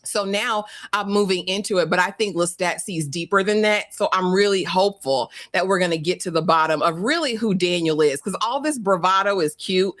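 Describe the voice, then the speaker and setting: A woman's voice: medium pitch, a bit bright, no room sound, studio quality. A woman co-hosting a casual TV recap, chatty and playful, quoting characters. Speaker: podcast co-host.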